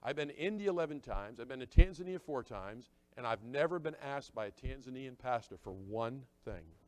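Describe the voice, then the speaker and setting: A middle-aged man preaching a sermon, talking conversationally and acting out little dialogues, dropping to quiet asides and rising to loud emphatic points. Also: mid-range voice, lively intonation, normal speed. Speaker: pastor.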